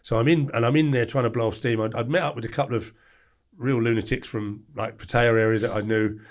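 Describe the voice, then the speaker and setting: A man in his forties from England, a podcast guest telling a story in a blunt, lively way and acting out the lines of others. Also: mid-range voice, fast. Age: 40s. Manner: blunt, animated storyteller who acts out quoted lines. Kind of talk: storytelling interview.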